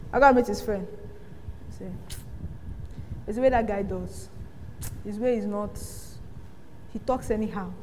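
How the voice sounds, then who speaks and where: A woman's voice: sits high, a little hiss or hum. A woman pastor preaching a sermon, telling stories and acting out the people she quotes. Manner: animated storytelling, acting out quoted voices, frequent laughter. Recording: long hall reverb.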